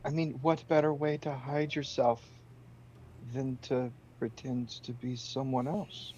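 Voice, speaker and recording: A man's voice: medium pitch, level tone, unhurried, darkish tone, highs cut off, a little hiss or hum. A man playing in a tabletop game, talking hesitantly and repeating his words. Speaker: player. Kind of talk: casual tabletop play.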